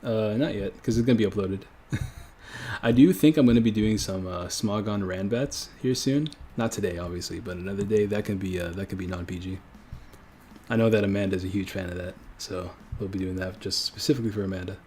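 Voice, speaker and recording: A man's voice: lowish voice, fairly quick, a little mellow, slight background noise. A young man hosting a casual livestream, rambling and correcting himself as he chats with viewers. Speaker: livestream host. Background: faint background music.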